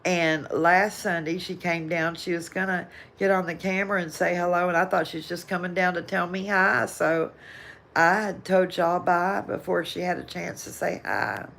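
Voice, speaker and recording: A woman's voice: on the low side, steady tone, moderate pace, vocal fry, fairly bright tone. An older woman with a Southern American accent, hosting a casual live chat and reading viewer comments, rambling and laughing often. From Southern United States. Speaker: livestream host.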